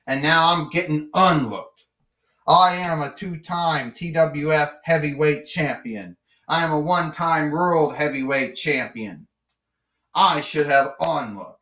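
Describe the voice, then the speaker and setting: A man's voice: on the high side, bright, forceful tone, far from the mic, full character voice. A man voicing a boastful, indignant male wrestler, recorded in a roomy space away from the mic. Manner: bragging, indignant.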